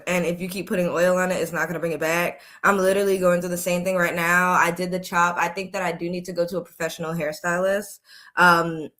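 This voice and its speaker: A woman's voice: fairly low pitch, fairly bright tone. A woman streamer giving casual, candid reaction commentary on a video, reflective and repeating her points.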